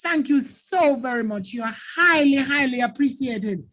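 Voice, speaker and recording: A woman's voice: high voice, animated, moderate pace, fairly bright tone. A Jamaican woman teacher running a live online exam-prep lesson, explaining patiently and thanking viewers by name.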